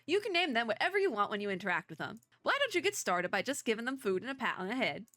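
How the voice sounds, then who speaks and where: Friendly game rancher woman with a put-on Southern drawl, folksy and upbeat, pitched high and lively, read by a woman who keeps giggling. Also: quick pace, dry recording, studio quality. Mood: cheerful. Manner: giggling through the lines. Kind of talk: reading game dialogue aloud.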